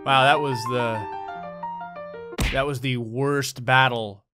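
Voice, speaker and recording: A man giving comedic, sarcastic commentary over a life-simulation game, often slipping into quick voices for the pets. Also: medium pitch, fairly even intonation, over music. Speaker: gaming commentator.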